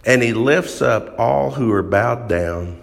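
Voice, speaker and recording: A man's voice: mid-range voice, expressive, takes it slowly, gravelly. A man preaching a sermon in a church hall, earnest and emphatic, drawing out phrases as he reads scripture.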